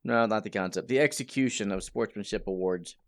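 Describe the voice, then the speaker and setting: A man's voice: on the low side, fairly quick. A man on a podcast giving a casual, opinionated take with hesitant restarts. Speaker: podcast co-host.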